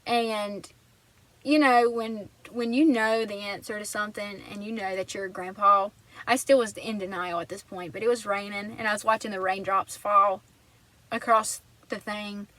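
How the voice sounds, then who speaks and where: A woman's voice: medium pitch, fairly even intonation, normal speed, fairly bright tone, low-quality recording. A woman vlogger telling a personal story in an earnest, rambling way, often restarting her sentences.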